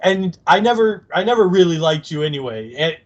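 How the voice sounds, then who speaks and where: Quick bit: a spiteful sarcastic vampire dude, put on by a man, tossing insults. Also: a little high, animated, dull audio, voice pushed up, lightly acted. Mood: snide. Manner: mocking, rapid-fire insults. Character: sneering male vampire, petty and sarcastic.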